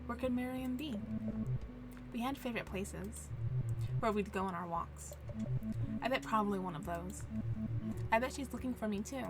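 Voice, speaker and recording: A woman's voice: on the high side, moderate pace, long pauses, close to an everyday voice. A woman voicing a cheerful, simple-minded male ghost dog who talks eagerly and innocently, with game music behind.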